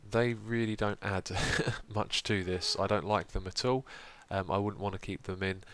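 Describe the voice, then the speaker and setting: Young guy w/ a low rough morning voice, chill game commentary, lots of ums. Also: normal speed, slight background noise. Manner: steady, explanatory, frequent ums. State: groggy morning voice, deeper than usual. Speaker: let's play host. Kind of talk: casual gameplay commentary.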